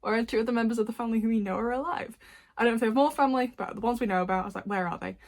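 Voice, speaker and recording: A young woman, chatting casually as a fan reviewer, laughing often and adding quick asides. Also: fairly high pitch, darkish tone. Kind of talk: casual chat. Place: dim room at home.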